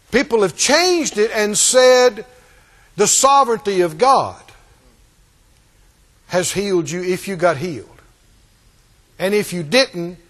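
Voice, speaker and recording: High, lively-voiced preacher man in a reverberant hall. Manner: emphatic, repetitive, call-and-response. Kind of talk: sermon.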